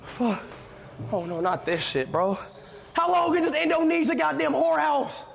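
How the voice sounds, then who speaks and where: A young man live-streaming through a haunted house, loud and panicky, swearing and yelling as he goes. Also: very high-pitched, expressive, moderate pace, gravelly. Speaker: livestreamer. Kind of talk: frantic live-stream reactions. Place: indoor haunted house attraction. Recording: dull lo-fi stream audio, noisy.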